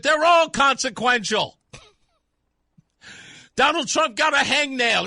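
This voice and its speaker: A male talk radio host giving sarcastic commentary, mocking and breaking into shouts. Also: extremely high pitch, measured pace, dry recording, clean studio sound.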